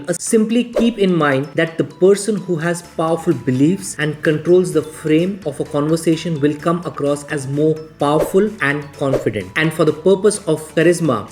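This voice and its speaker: A narrator reading a scripted self-help video essay in a measured, explanatory way. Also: medium pitch, darkish tone.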